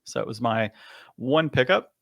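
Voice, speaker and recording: A man's voice: medium pitch, moderate pace, vocal fry, no room sound. Man on a dry close podcast mic. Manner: animated, chuckling storyteller. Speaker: podcast co-host. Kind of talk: casual podcast chat.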